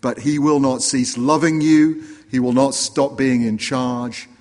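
A man preaching a sermon earnestly, rising for emphasis and dropping low and quiet. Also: fairly even intonation, unhurried, in a large hall. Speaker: pastor.

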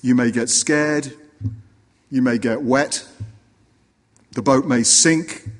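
A man preaching a sermon earnestly, rising for emphasis and dropping low and quiet. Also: slow, in a large hall. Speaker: pastor.

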